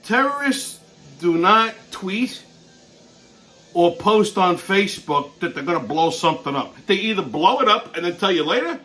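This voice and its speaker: High, animated, profane ranting man. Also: moderate pace, soft background music. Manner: blunt, heavy swearing, repeated stammering restarts. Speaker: channel host.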